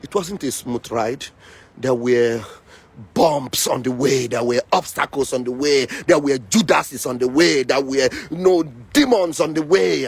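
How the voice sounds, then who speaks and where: A man's voice: medium pitch, gravelly, slightly rough. A man giving an impassioned political speech, fiery and accusatory, hammering his points by repeating lines. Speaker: political activist.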